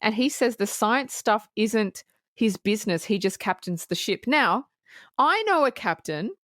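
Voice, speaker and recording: A woman co-hosting a podcast, recapping a film in casual chat, lively and laughing, swearing freely. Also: mid-range voice, measured pace, no room sound, clean studio sound. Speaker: podcast co-host.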